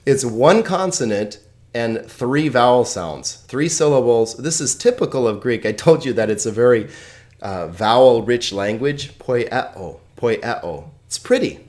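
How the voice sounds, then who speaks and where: A man teaching a relaxed video language lesson, friendly and chuckling often as he explains. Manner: friendly, chuckles often, lively pitch swings.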